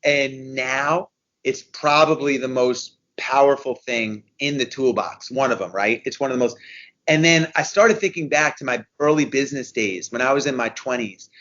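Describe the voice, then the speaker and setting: A man in his fifties talks through his stories with drive, circling back and repeating phrases to hammer a point home. His voice sits at an ordinary middle pitch. The sound is a little dull and lo-fi. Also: moderate pace. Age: 50s. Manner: energetic storyteller, repeats himself for emphasis. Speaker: guest. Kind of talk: conversational podcast interview.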